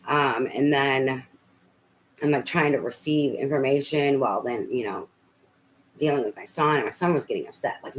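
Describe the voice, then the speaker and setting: A woman's voice: rumbling low, moderate pace, slight background noise, rough recording. A middle-aged woman telling a rambling personal story as a tarot reader, full of fillers and casual swearing.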